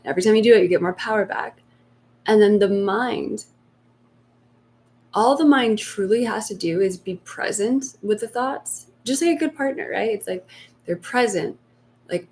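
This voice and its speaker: A meditation coach gives spiritual coaching on a live stream in a soft, slow, reflective way, sometimes acting out inner fears in a hushed tone. Her voice is mid-range, with a little hiss or hum in the recording.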